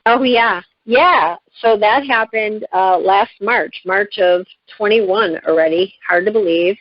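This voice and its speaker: A woman guest in an interview, telling a personal story with lively, emotional delivery and frequent restarts. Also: medium pitch, slow, no echo, lo-fi sound. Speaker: guest, living kidney donor.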